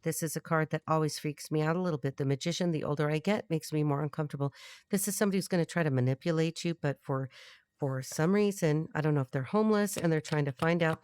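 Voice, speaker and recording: A middle-aged woman with a low voice gives a tarot reading, talking bluntly and thinking aloud with lots of restarts. She is recorded close and dry, with little room sound. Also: a little mellow, clear, resonant tone, no echo. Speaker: tarot reader. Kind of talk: channeled tarot reading to camera.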